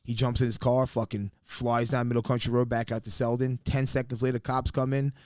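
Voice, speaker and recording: On a casual podcast, a co-host with a medium-pitched male voice moves fairly quickly through a story, swearing plenty and acting out the dialogue with animation. Dry, clean studio recording.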